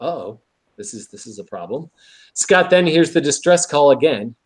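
A man's voice: on the high side, normal speed, husky. A man co-hosting a podcast, casually recapping an episode and acting out quoted lines. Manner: animated retelling with quoted lines. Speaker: podcast co-host.

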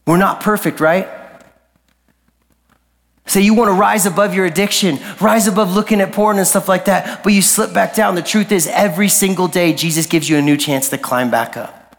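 High-voiced male youth pastor preaching. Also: moderate pace, vocal fry. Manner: casual and slangy, building to emphatic peaks. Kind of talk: sermon. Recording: long reverb of a large hall.

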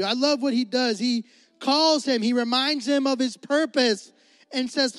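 Young male pastor, high voice, dry close sound, casual preaching. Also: a little slow, fairly bright tone, no echo, soft background music. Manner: conversational preaching, acts out dialogue. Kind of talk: sermon.

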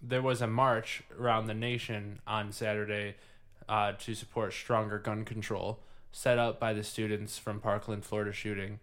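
A young man hosting a podcast, talking in a loose, halting way with many fillers and restarts. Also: lowish voice, little pitch movement, fairly bright tone. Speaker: podcast host. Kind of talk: casual chat.

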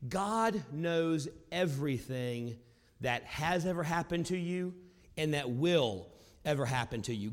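A male pastor preaching a sermon, with a loud, carrying voice that swings from booming to hushed. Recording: long hall reverb.

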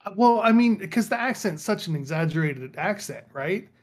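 A man's voice: sits high, expressive, normal speed. A man co-hosting a gaming podcast, chatting casually and animatedly telling stories with quoted voices. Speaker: podcast co-host. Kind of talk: casual chat.

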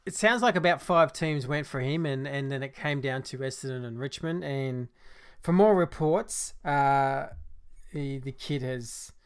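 A man hosts a casual podcast chat at an ordinary mid pitch. He talks easily and loosely, pausing on fillers as he gathers his thoughts. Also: smooth. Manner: easygoing, hesitant with many fillers. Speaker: podcast host.

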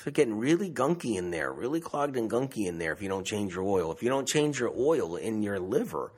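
A man's voice: lowish voice, big pitch swings, brisk, a little mellow, slightly rough. A man who works as a medium, talking in a casual, rambling monologue, repeating himself and asking rhetorical questions. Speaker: self-described medium.

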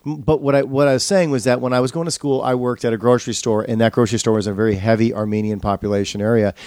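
A man's voice: mid-range voice, steady tone, quick pace, darkish tone, no echo. A middle-aged man from the Midwest hosting a casual chat, rambling with many restarts. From Milwaukee area, US Midwest. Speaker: podcast host.

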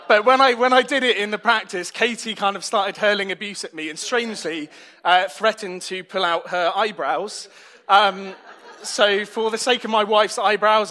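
A man's voice: sits high, sharp tone. A man preaching a sermon in a conversational, self-deprecating way.

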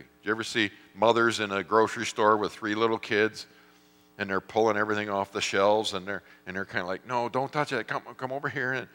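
A middle-aged male pastor preaching a sermon, telling animated stories and acting out voices. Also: sits low, smooth. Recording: long hall reverb.

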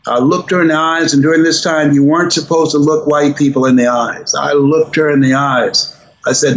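A man's voice: fairly even intonation, brisk, echoey room. Older man telling a dramatic story. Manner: dramatic storyteller, acting out voices with shifting pitch. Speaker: guest speaker. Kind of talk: storytelling interview. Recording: dull lo-fi sound with faint noise.

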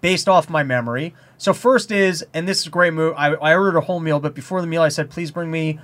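A man, a comedian co-hosting a podcast, chatting casually and telling rambling, animated stories. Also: on the high side, quick pace. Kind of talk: casual chat.

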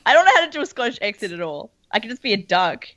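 A woman's voice: on the high side, sing-song, rapid-fire, fairly bright tone, no echo, highs cut off. Giggly, self-deprecating woman. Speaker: podcast co-host. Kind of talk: casual chat.

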